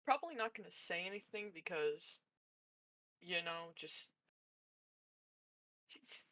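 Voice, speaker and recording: A woman narrating her character's actions casually in a roleplay session, soft and hesitant. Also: on the low side, animated, slow, dry recording, rough recording. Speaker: tabletop roleplay player.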